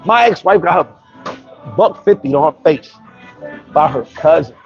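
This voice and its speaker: A man's voice: on the high side, expressive, a little slow, lo-fi sound, soft background music. A man from New York telling brash, profane stories in a casual storytelling monologue as a vlogger.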